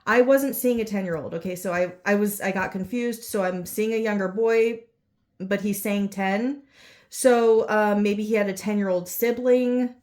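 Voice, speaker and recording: A woman's voice: mid-range voice, steady tone, normal speed, a little mellow. A woman giving a casual psychic reading, rambling and unsure, full of fillers and self-corrections. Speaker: psychic reader. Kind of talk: casual spoken channelling reading.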